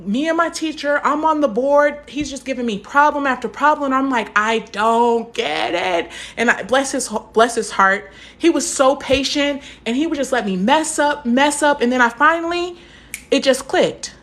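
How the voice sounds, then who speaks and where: A woman's voice: sits high, normal speed, fairly bright tone. A young woman teaching a live math lesson, chatty and encouraging, stopping to answer viewer comments.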